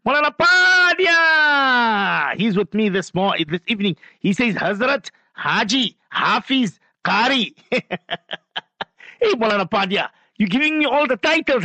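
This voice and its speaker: A man hosting a call-in radio show, chatting casually and telling stories, with frequent coughs and throat clearing. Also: high-pitched, expressive, normal speed, sharp tone, no echo. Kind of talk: casual radio talk, reading listener messages.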